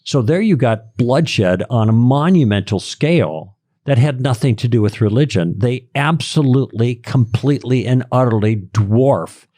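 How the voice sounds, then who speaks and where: A man's voice: mid-range voice, expressive, normal speed, warm tone, no echo, studio quality. A man, a guest on a podcast, explaining his points in an emphatic, lecturing way with stressed key words. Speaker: podcast guest, Christian apologist. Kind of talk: conversational explaining.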